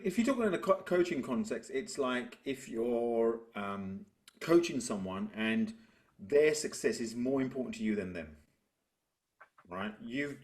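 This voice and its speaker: A man, a business coach talking through ideas and telling stories in a relaxed interview. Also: medium pitch. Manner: reflective, tells stories to make a point. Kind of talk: conversational interview.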